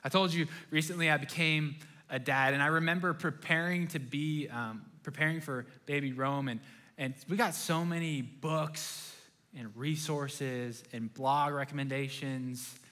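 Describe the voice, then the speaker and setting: A young man preaching to his congregation, his voice bright and ringing and pitched a bit above the usual. He tells his stories with animation and jumps into quick impressions of his own inner thoughts. The delivery is a lively, friendly sermon. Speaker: pastor.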